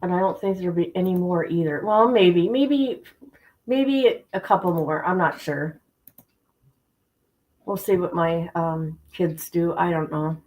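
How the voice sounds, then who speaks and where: A woman's voice: on the low side, unhurried, a little mellow, low-quality recording. Middle-aged woman, livestream host; casual, chatty, repeats herself for emphasis, addresses viewers directly. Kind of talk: casual chat with stream viewers.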